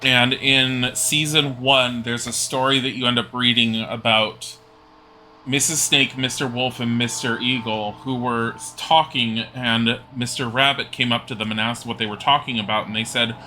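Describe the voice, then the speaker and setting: A male streamer commentating a game live, thinking aloud and rambling through a story with restarts. His voice is bright and sits at an ordinary pitch, with soft game music behind him. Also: fairly even intonation, moderate pace.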